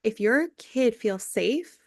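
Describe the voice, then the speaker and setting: Recapping a reality show, this woman in her thirties co-hosts a podcast and chats casually, telling a story, voicing quotes, and cursing without restraint. Her voice is a little high and animated, and she takes it slowly; the studio audio is clean and echo-free.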